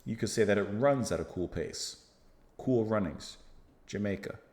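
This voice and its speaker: A man's voice: lowish voice, moderate pace. A man hosting a music reaction, chatting casually and jokily while quoting lyrics. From United States. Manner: animated, jokey, quotes lyrics aloud. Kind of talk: casual music review chat. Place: home room. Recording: echoey room.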